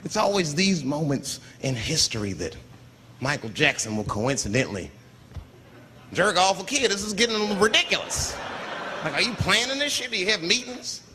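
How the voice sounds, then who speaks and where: Bright sharp-voiced guy doing standup, ranty and disbelieving, faint hiss. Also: high-pitched, big pitch swings, moderate pace. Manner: incredulous, ranting, profane. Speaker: stand-up comedian. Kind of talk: stand-up comedy set.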